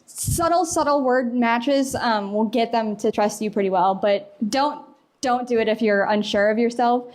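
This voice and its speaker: A woman's voice: on the high side, moderate pace, a little mellow. A young woman giving a casual conference talk in a hall, chatty and laughing often. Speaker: conference speaker.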